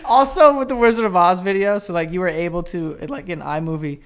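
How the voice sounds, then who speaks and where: A young man hosting a podcast, excitedly recalling old stories with lots of swearing and laughter. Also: high-pitched, brisk, clear, resonant tone. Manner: excitable, profane reminiscing that breaks into laughter. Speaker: podcast host. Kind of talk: casual chat.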